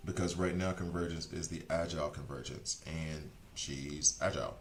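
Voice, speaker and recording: A man streaming a video game, chatting casually and rambling as he second-guesses his choices out loud. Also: a bass voice, normal speed, roomy sound, slight background noise. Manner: chatty, rambling, self-correcting. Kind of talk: casual gameplay commentary.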